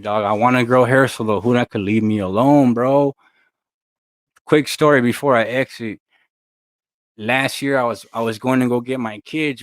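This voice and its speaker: A young man from talks loosely to his viewers, full of street slang and rambling asides. His voice sits at an ordinary middle pitch and is recorded close and dry, with no room sound. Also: dry recording. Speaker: channel host. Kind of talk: casual chat to camera.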